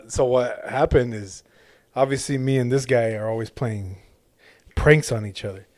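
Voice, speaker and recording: A man co-hosting a casual podcast, telling a long, rambling story in a loose, profane way. His voice sits at an ordinary pitch and is recorded dry and close, with no room sound around it. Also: darkish tone, no echo. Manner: rambling storyteller, swears a lot, acts out quotes. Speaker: podcast co-host. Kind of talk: casual chat.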